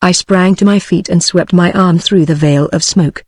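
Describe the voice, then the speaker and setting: A woman's synthetic voice with a British English accent, reading a novel aloud as an audiobook narrator at an even, unhurried pace. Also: lowish voice, no room sound. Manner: even, unhurried text-to-speech delivery.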